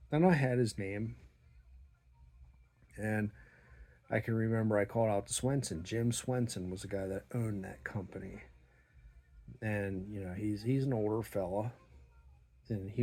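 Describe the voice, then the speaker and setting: Blunt, husky-voiced man telling a story. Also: fairly low pitch. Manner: blunt, profane, animated retelling with quoted dialogue. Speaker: small business owner telling a story. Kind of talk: casual storytelling monologue.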